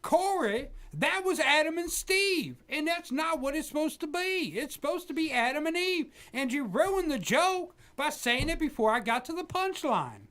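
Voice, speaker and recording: A man putting on the voice of a prudish, bigoted older male televangelist in a comedy radio bit, talking in a high stammering drawl. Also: sing-song, measured pace, a bit bright, exaggerated voice. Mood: exasperated.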